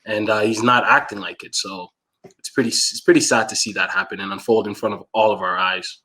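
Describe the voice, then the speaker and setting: A man's voice: lowish voice, steady tone, a little fast, pushed and bright. A man co-hosting a casual combat-sports podcast, explaining things in a conversational way with plenty of fillers. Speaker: co-host.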